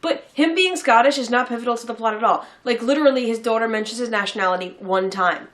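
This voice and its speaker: A woman's voice: on the high side, quick pace, a bit bright. A woman co-hosting a casual film review chat, sarcastic and exasperated. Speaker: co-host.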